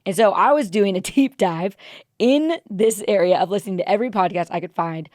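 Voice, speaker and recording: A woman's voice: medium pitch, fairly quick, darkish tone, no echo, studio quality. A woman in her thirties, co-hosting a podcast and talking in an earnest, emotional, confiding way. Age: 30s. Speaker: podcast co-host. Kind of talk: casual chat.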